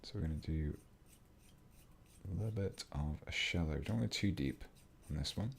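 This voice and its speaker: Deep-voiced English man chatting on a livestream. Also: moderate pace, vocal fry, a little hiss or hum. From England. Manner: chatty, rambling, reads chat aloud mid-task. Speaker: hobby livestream host. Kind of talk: casual livestream chat while building models.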